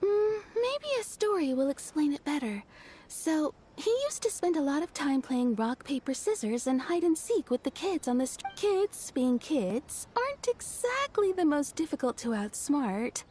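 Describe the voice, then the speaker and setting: An actress playing a chatty townswoman telling a fond story, amused and animated. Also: high-pitched, a little slow, a little hiss or hum. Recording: game music underneath.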